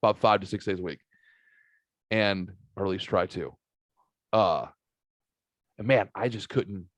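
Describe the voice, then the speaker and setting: Male podcast host from the Saint Louis area, casual storyteller, lively and profane, dry close mic. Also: low-pitched, unhurried, no room sound. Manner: animated, swearing, acts out quotes. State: recovering from a sinus virus.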